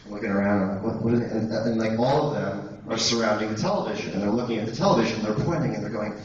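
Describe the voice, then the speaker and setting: Speaking rapid-fire in a lowish voice, a young man addresses a college audience as a guest speaker, wandering through a lengthy story packed with fillers and false starts. The recording comes from an echoey auditorium, so it sounds distant and dull with a little faint noise.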